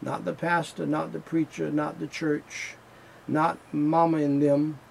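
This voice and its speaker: Slow, gravelly male preacher. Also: fairly high pitch, level tone, a little hiss or hum, poor audio. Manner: slow, emphatic preaching with repeated refrains. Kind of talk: sermon.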